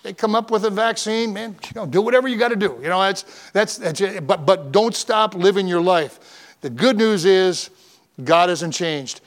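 Male pastor, high-pitched, fervent and emphatic, sermon delivery with repeated lists. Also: moderate pace. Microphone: church microphone, broadcast on radio.

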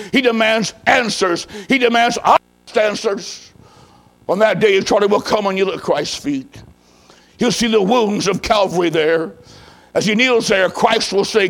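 A man preacher telling a story in a sermon, dramatic, swinging from hushed low tones to loud emphasis. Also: gravelly, low-quality recording.

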